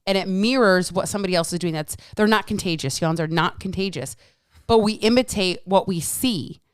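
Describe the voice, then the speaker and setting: A woman's voice: lowish voice, fairly quick, smooth, no echo, studio quality. A woman in her forties with an East Coast accent, hosting a podcast in casual, chatty talk that acts out quotes and swears freely. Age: 40s. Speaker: podcast host and fitness coach. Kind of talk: casual chat.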